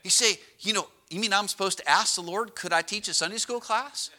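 A high-pitched man with a piercing, bright voice delivers a sermon as the pastor. He tells stories with animated pacing, stretching words and then dropping to a hushed tone for emphasis. He sounds middle-aged. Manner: animated storytelling with dramatic slowdowns and drops to a hush.

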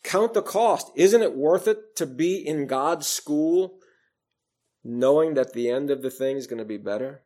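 A male preacher with a slightly higher-than-usual voice, delivering a sermon. He swells into loud, emphatic stretches and then drops to hushed, low lines. He quotes scripture in old King James wording. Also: animated, measured pace. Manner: rises and falls in volume, emphatic then hushed.

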